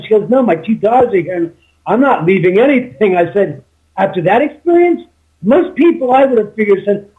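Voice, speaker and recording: A man's voice: high voice, moderate pace. A man telling a spooky story from his home in a casual chat, acting out the people he quotes. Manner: animated retelling with quoted dialogue. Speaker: homeowner and YouTuber. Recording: tinny phone line.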